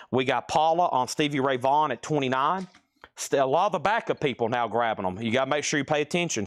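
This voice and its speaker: A man hosting a live-streamed record sale, chatting quickly through prices and buyer names, a bit out of breath. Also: medium pitch, no room sound, studio quality.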